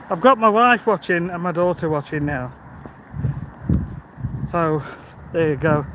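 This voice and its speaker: A man, chatting on a live stream while walking outdoors and reading out viewer comments. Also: high-pitched. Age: 50s. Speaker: vlogger. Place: outdoors by a busy road in the evening. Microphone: phone held while walking. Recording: outdoor phone recording with traffic noise.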